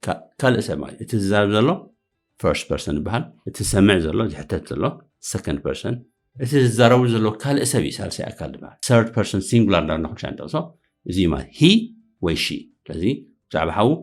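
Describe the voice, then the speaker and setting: Man, very deep voice, fast talker, English teacher, repeats phrases slowly, faint background music. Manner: repeats English phrases slowly and loudly, then explains quickly in another language. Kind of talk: language lesson for beginners.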